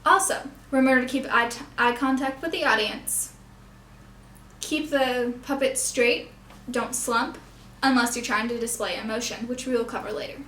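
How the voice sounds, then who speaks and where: With a steady, fairly bright tone that is a little high, a young puppetry instructor demonstrates technique at a moderate pace, stopping at times to correct herself. The echoey room recording has a little hiss or hum.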